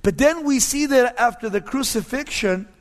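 A male pastor preaches a sermon with lively storytelling, often sinking to hushed, quiet tones. His voice sits fairly high and rings with a long hall reverb. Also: normal speed.

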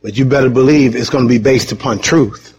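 A man preaching a sermon in an animated, conversational way, with sudden high emphatic bursts and quick chuckles. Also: slight background noise. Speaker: pastor.

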